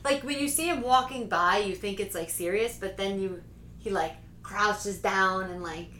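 A woman's voice: medium pitch, normal speed. Chatty woman in an echoey room. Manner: chatty, animated, laughs often. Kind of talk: casual chat about movies. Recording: echoey room with faint noise.

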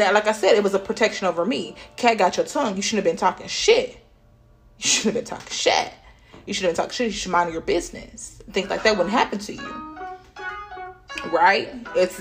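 A woman hosting a podcast, giving a casual spiritual pep talk in a blunt, profane way. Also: mid-range voice. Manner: blunt and profane, swears freely. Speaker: podcast host.

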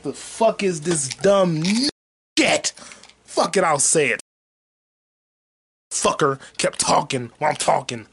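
Profane ranting man, fairly high voice. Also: takes it slowly, creaky, pauses often, slight background noise. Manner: profane, repetitive, swings from muttering to shouting. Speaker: podcast host and stand-up comic. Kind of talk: casual rant.

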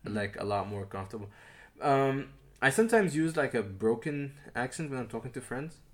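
A young man from Sudan chatting casually as a podcast co-host, relaxed and rambling with fillers and restarts. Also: mid-range voice, moderate pace. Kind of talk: casual chat.

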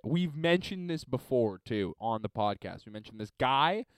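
A young man from Montreal hosting a podcast alone, ranting and swearing, swinging between loud and quiet. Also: medium pitch, lively intonation, normal speed, smooth, no echo. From Montreal, Canada. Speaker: podcast host. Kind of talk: solo podcast rant.

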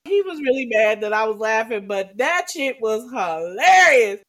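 A woman's voice: a little high, very animated, normal speed, fairly bright tone. A woman co-hosting a casual chat, telling funny stories and laughing often. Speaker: podcast co-host.

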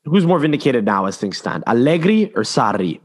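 A man co-hosts a football podcast in casual, opinionated and animated chat, rambling, repeating words and restarting sentences often. His voice is mid-range and brisk.

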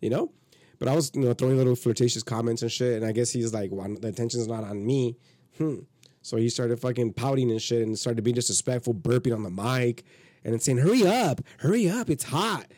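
A man hosting a podcast in casual chat, profane and animated, acting out quotes as he tells stories. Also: mid-range voice, brisk, dry recording, clean studio sound. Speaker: podcast host.

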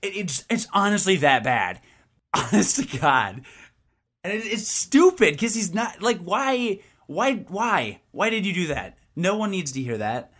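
A man's voice: sits high, unhurried. A man co-hosting a gaming podcast in casual, opinionated chat, with many restarts. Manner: animated, opinionated, lots of restarts. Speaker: podcast co-host.

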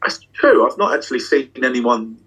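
A man, a magician on tour, talks candidly and swears freely in long excited runs from a backstage dressing room. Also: mid-range voice, normal speed, breathy edge, far from the mic, low-quality recording. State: getting emotional. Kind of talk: candid casual interview.

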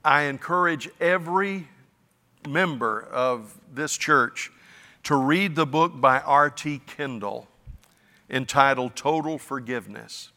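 Bright-voiced pastor preaching in a hall. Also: male voice, medium pitch, slow pace. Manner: earnest, conversational preaching with restarts and asides. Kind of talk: sermon.

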